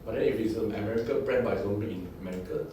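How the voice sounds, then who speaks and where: A man's voice: lowish voice, very fast, dark tone. A man who is a student in a classroom, asking questions and thinking aloud about the grammar. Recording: far off in a very echoey room, noisy.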